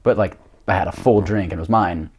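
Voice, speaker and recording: Grainy-voiced young man, low and rambling. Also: fairly quick, a little mellow, husky. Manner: rambling storyteller, many fillers and laughs. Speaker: guest, jiu-jitsu coach. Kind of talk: casual podcast chat.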